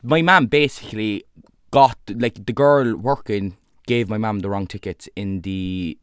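A young Irish man hosting a casual podcast, chatty and quick with his interjections. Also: lowish voice, clear, resonant tone, no echo, studio quality. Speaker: podcast host, her son.

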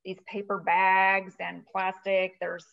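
A woman's voice: medium pitch, takes it slowly, gravelly. Talkative woman guest, storytelling, slightly dull lo-fi audio. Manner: chatty, animated storyteller, many "you know" fillers. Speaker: guest, virtual CFO. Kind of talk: casual storytelling interview.

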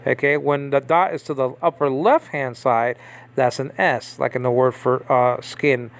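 A man giving a casual Bible language lesson, talking conversationally and checking in often with his listeners. He pauses and restarts as he reads text aloud from a screen. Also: medium pitch, fairly even intonation. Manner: conversational, checks in with frequent "okay?" and "you understand?". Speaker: Bible teacher.

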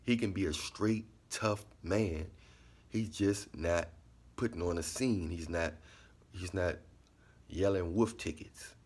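Man, low husky voice, relaxed repetitive monologue. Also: takes it slowly. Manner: laid-back, repetitive, drops into quiet asides. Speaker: vlogger giving life commentary. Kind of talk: casual monologue.

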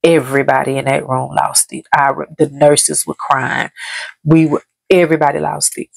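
A woman tells her story in a gravelly, fry-edged voice. She circles back over the same words, heavy with grief. The sound is close and dry, with no room around it. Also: low-pitched, flat delivery, moderate pace, dry recording. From Dallas, Texas. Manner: heavy, repetitive, grief-laden retelling. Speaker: vlogger. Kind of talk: emotional story time.

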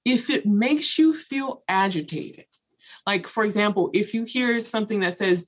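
A woman from Los Angeles speaks as a podcast guest and gives motivational advice. She talks in an earnest, emphatic way and comes back to the same key phrases again and again. Her voice is mid-pitched, and the recording sounds a little dull and muffled. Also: moderate pace. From Los Angeles, United States. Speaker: guest, author and former math professor. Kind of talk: motivational talk.

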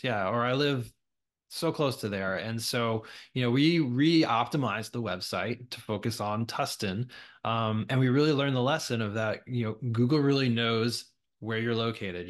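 A man hosting a podcast, chatting casually and affirming his guest. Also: mid-range voice. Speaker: podcast host. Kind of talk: casual interview chat.

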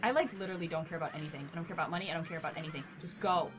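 A woman streamer giving casual let's-play commentary, chatty and talking to herself and the game, swinging between nervous and excited. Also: sits low, rapid-fire, music in the background.

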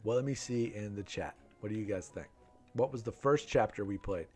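A man's voice: on the low side, brisk, darkish tone, soft background music. A man in his thirties hosting a live game stream, chatting with viewers and reading their names from the chat.

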